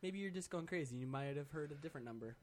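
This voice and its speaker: A man's voice: on the high side, expressive, quick pace, darkish tone. Man, podcast co-host, casual banter, playful, joking. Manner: jokey, playful, makes things up. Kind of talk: casual chat.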